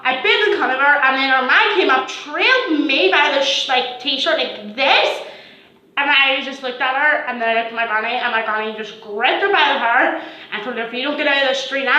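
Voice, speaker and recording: Teen girl telling a story, high bright voice, lots of swearing, echoey room. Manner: animated, swearing, acting out quotes in bursts. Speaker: vlogger. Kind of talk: storytime vlog.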